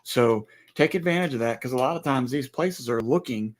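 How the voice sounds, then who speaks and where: A man's voice: mid-range voice, animated, moderate pace. A man, co-hosting a ranch livestream with joking, teasing banter. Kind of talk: casual chat.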